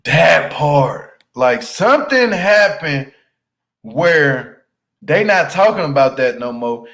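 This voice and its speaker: Slightly high-voiced man, animated and teasing. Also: slow, poor audio. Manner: animated, laughing, teasing, slangy; repeats "you hear me" for emphasis. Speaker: reality show recap commentator. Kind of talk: casual recap commentary.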